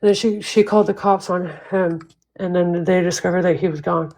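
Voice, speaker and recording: A woman's voice: fairly low pitch, fairly even intonation, fairly quick, a little mellow, low-quality recording. A woman livestreaming, ranting at length in a heated, profane, repetitive way.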